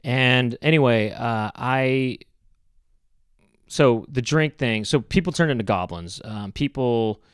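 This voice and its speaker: A man hosting a podcast, telling a rambling comic story in a deadpan way, full of fillers and self-corrections. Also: medium pitch, slow pace, clean tone, no echo, clean studio sound. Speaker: podcast host. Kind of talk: rambling comedic monologue.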